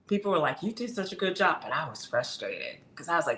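A woman's voice: deep voice, big pitch swings, quick pace, a bit bright. A middle-aged woman coach giving an emphatic, conversational motivational talk straight to her viewers.

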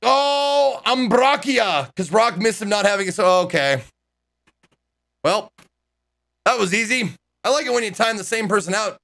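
Man, gaming streamer, casual joking commentary, animated, highish voice. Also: a little slow, gravelly, pauses often. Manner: joking, chatty, swears. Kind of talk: casual let's-play commentary.

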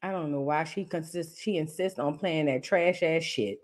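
A woman's voice: sits low, normal speed, over loud music. A woman hosting a casual reaction show, talking in a brash, mocking and profane way. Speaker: host.

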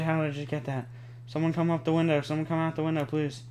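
Excitable young man swearing through gameplay. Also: on the high side, quick pace, a little hiss or hum. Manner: excitable, swears a lot, pleads and groans at the game. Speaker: gaming channel host. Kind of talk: live gameplay commentary.

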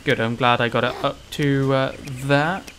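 A man commentating his own gameplay, ranting and swearing with sudden shouted outbursts. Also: medium pitch, steady tone, moderate pace, slight background noise. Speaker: gaming channel host. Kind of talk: let's play commentary.

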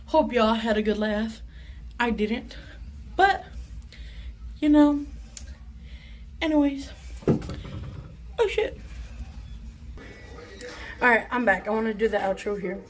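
A young woman telling a story in a casual vlog, chatty and rambling with lots of swearing, filmed on her phone at home. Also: a little high. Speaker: vlogger. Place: bathroom at home. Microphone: phone camera.

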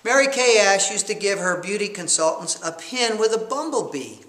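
Male course coach, motivational lecture, high bright voice, roomy echo. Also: normal speed. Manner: animated storyteller who acts out scenes.

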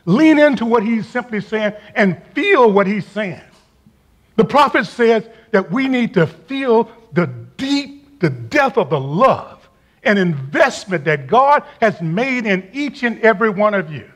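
An older man, a retired campus minister, preaching a chapel sermon, repeating key phrases for emphasis and often dropping into a quiet, intimate tone. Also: high-pitched, very animated, a little slow.

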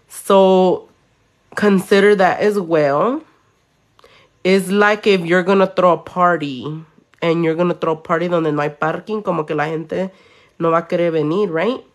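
A woman nail artist, telling a story casually while she does nails at home, animated, swearing freely and slipping into Spanish. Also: fairly low pitch. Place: home room.

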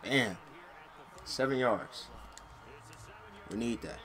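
A young man talks through his football video game in loose slang, ranting and swearing whenever a play goes wrong. His voice sits at an ordinary middle pitch, and his talk stays casual and chatty between the outbursts. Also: very slow. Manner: slangy, frustrated, yells and curses at the game. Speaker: gaming channel host. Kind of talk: casual gameplay commentary.

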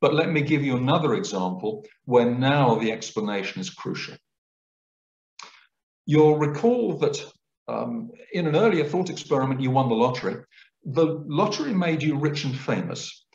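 A man giving a public lecture, explaining things clearly in a lecturing manner. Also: mid-range voice, sing-song, moderate pace, a little mellow. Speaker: guest lecturer. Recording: roomy, dull lecture recording.

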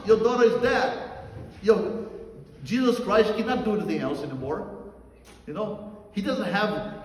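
A man's voice: sits high, darkish tone. A man preaching a sermon, earnest and emphatic, repeating key phrases. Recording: echoey hall, mic far off.

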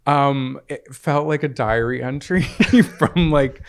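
A young man co-hosts a podcast in a gravelly voice full of vocal fry. His pitch is ordinary for a man. He talks in a laid-back way and gently teases his co-host. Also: takes it slowly. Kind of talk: casual chat.

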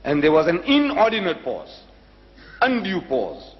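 An older man from South Africa giving a public lecture, telling a story and acting out both sides of a dialogue with long pauses. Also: on the high side, huge pitch swings. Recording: echoey hall, dull lo-fi recording.

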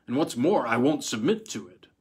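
A man voicing a gruff old army colonel who barks and roars commands. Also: medium pitch, very animated, moderate pace, a little mellow. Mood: commanding. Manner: barking, roaring orders.

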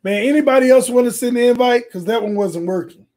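A man with a hoarse, fading voice hosting a casual gaming livestream, excitable and trash-talking as he reads viewer comments aloud. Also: very high voice, fast talker. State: hoarse, losing his voice. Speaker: sports channel host.

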